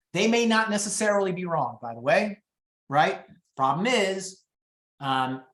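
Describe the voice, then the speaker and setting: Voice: medium pitch, a bit bright. A real estate coach running a live online training, talking straight to the audience in a chatty, coaching way and acting out client conversations. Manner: chatty, coaching, addresses the audience directly, acts out client dialogue. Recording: roomy echo.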